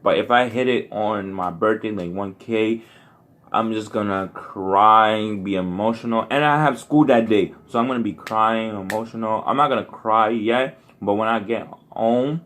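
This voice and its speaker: A man's voice: lowish voice, moderate pace, a bit bright. A young man hosting his own reaction channel, chatting to viewers in a rambling, slangy way with many restarts. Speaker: YouTube reaction host. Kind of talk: casual chat to viewers.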